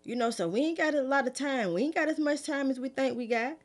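Middle-aged woman preacher, easygoing and conversational. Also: fast. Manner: fervent, pleading, raised pitch at first; relaxed conversational afterword. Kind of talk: prophetic sermon, then casual talk.

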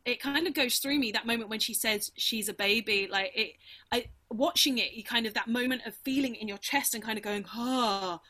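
A woman's voice: on the high side, a little fast, bright, forceful tone. A woman co-hosting a podcast, talking casually and thoughtfully about a film scene, with hesitations and swearing.

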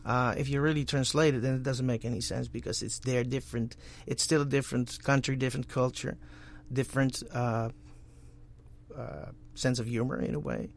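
Dutch-accented man, halting speech. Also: medium pitch, fairly even intonation, creaky, a little hiss or hum. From Netherlands. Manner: halting, many restarts and repeated words. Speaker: guest voice actor. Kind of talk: casual interview chat.

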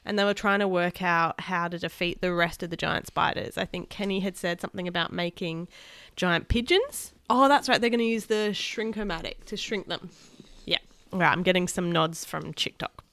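A woman reading a children's book aloud to live viewers, expressive and chatty between passages. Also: on the low side, normal speed, dry recording. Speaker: storybook reader.

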